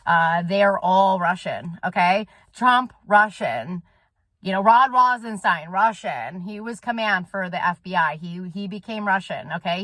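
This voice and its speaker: A woman delivers a fast-flowing, rambling vlog monologue, intense and heavy on profanity. Her voice sits in a middle register for a woman, and the recording is close and dry with almost no room sound. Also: medium pitch, fairly bright tone, no room sound. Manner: intense, rambling, swears often. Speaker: soul coach and vlogger. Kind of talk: casual direct-to-camera monologue.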